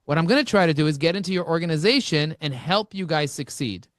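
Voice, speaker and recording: A man speaking as an interview guest, telling energetic stories and acting out both sides of conversations. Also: fairly high pitch, fast talker, dry recording, studio quality. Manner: animated, acts out dialogue with shifting voices. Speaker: podcast guest, marketing expert.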